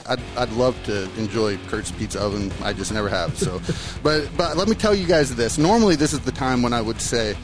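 A man hosting his own podcast in casual, energetic chat, joking and rambling as he talks to a guest. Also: medium pitch, brisk, music in the background. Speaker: podcast host.

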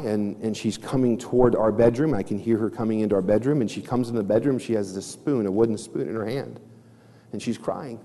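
A man's voice: mid-range voice, mellow. A man preaching a sermon as a pastor, emphatic and repeating his key phrases, who mixes teaching points with stories about his family. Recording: echoey hall reverb.

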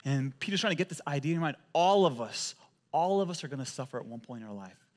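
A male pastor preaching a sermon, telling animated stories and often repeating words as he goes. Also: on the high side, fast talker.

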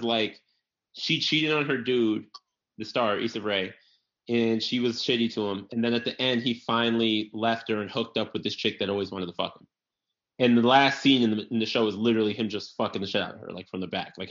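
A man's voice: medium pitch, a little fast. A man hosting a casual comedy podcast, telling stories loosely, acting out quotes and swearing freely. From New York area. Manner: animated storyteller, acts out quotes, swears freely. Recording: slightly dull lo-fi audio.

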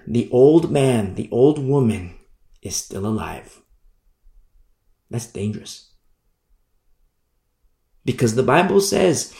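Slow, emphatic preacher in an echoey room. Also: male voice, medium pitch, darkish tone. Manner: emphatic, repeats phrases with rising then dropping voice. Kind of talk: sermon.

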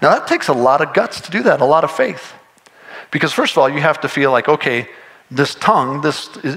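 Here a male pastor preaches conversationally and with lots of energy, voicing imagined characters as he goes. His voice sits at a medium pitch.

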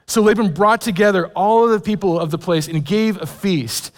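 Chatty pastor in a reverberant hall. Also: male voice, sits high, moderate pace. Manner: chatty, self-deprecating humor with many fillers and restarts. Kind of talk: sermon with personal storytelling.

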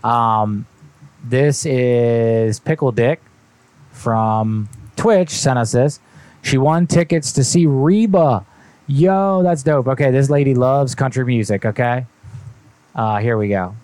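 A man chatting casually as a livestream host, with a mellow, warm tone. He talks in loose slang, swears freely and reads out viewer messages as they come in. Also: medium pitch, unhurried, no echo.

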